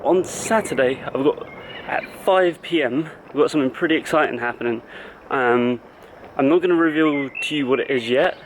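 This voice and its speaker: A man's voice: mid-range voice, normal speed, few pauses, poor audio. Man vlogging over background traffic noise. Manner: explanatory, talks in loose stop-start phrases. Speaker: fitness coach and vlogger. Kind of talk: casual vlog talk to camera.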